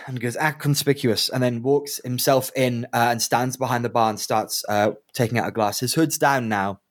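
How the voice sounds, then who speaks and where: A man's voice: medium pitch, fairly even intonation, normal speed, no echo, studio quality. A man narrating as game master, rambling with lots of fillers and restarts.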